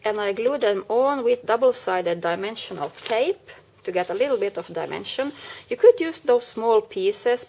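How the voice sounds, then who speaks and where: A woman's voice: mid-range voice, creaky, darkish tone. Chatty woman explaining a craft project. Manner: chatty, explaining step by step with small self-corrections. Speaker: crafting video maker. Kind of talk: casual craft tutorial.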